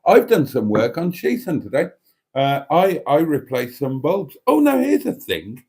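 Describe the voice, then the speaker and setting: A man's voice: a little high, wildly swooping pitch, a little slow, creaky, darkish tone, breathy edge. A man hosting a casual live stream, reading chat messages aloud and chatting in a self-deprecating way. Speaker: livestream host reading chat.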